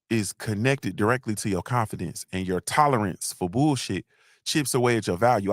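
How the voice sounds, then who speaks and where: A man's voice: lively intonation, a little fast, dry recording, clean studio sound. A middle-aged man hosting a live motivational talk, repeating himself and growing emotional. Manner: repetitive, preachy, shouts out viewers; gets emotional, voice drops low.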